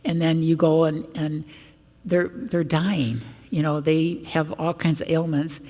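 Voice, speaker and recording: Older woman, low voice, lively storytelling sermon, acts out characters, long church reverb. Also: a little slow. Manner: animated, acts out the people in her stories in a raised voice. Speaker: guest speaker at a parish mission. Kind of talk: storytelling talk to a congregation. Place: large church.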